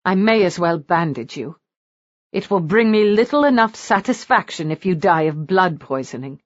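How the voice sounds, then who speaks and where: A woman narrator voicing a fiery, sharp-tongued young noblewoman who snaps and gives orders. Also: lowish voice, lively intonation, normal speed, no room sound, dull audio, lightly acted. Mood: sharp, scornful. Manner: snapping, scornful, commanding.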